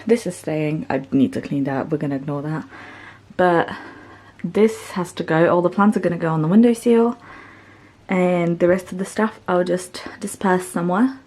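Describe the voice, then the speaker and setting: Young woman vlogger, slightly low voice, casual chat with self-mocking asides, recorded in her bedroom. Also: moderate pace, darkish tone. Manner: chatty and self-deprecating, joking asides. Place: her small bedroom at home.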